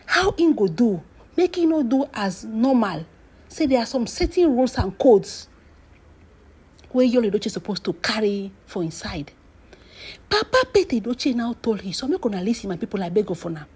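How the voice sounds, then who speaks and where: A woman's voice: on the high side, very animated, brisk, darkish tone, husky. A woman with a Nigerian Pidgin English accent telling celebrity gossip as a dramatic story, stretching out phrases, dropping into whispered asides and bursting into exclamations.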